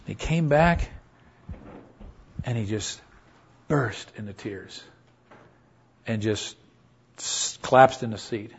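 A man's voice: fairly low pitch, expressive, takes it slowly, vocal fry, pauses often, husky. A man preaching in an earnest, conversational way, telling a story and acting out what people said. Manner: earnest, conversational, acts out quotes. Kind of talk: storytelling sermon. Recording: dull lo-fi recording.

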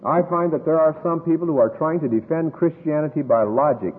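An American man preaching a sermon, emphatic and drawing out scripture quotes slowly. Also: on the high side. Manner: emphatic, drawn-out quoting of scripture. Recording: echoey hall over a tinny phone-like line.

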